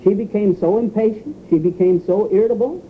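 Preacher guy, bit high voice, earnest and emphatic, thin tinny radio sound w/ light hiss. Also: a little fast. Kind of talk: sermon. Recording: tinny phone-like radio broadcast with faint hiss.

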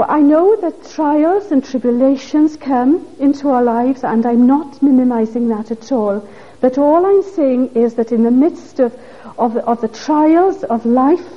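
A woman's voice: sits high, warm tone. A woman preaching a sermon, pressing her listeners with earnest, pleading questions. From Wales. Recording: dull lo-fi recording.

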